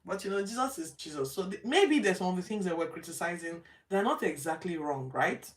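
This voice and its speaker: A woman from Nigeria casually retelling Bible stories from her home study, acting out the characters' lines with lively jumps in her voice. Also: lowish voice, a little fast, far from the mic. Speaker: host of a Bible reading show. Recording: roomy, from off the mic.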